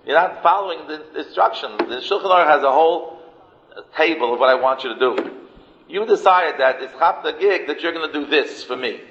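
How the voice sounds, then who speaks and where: A stern, disappointed divine boss scolding a worker who wasted his advance, as a preacher puts him on. The voice is gravelly with vocal fry. It comes through muffled, in a long-reverb hall. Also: fairly high pitch, lively intonation, a little fast, a bit bright, slight background noise. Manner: scolding, lecturing in the first person. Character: God as a stern, disappointed male employer.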